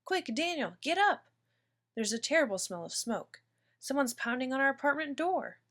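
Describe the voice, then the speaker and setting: A woman's voice: high voice, animated, fairly quick, fairly bright tone, voice pushed up. A woman voicing a protective mother of a young boy, read with mild expression in a storybook read-aloud. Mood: urgent.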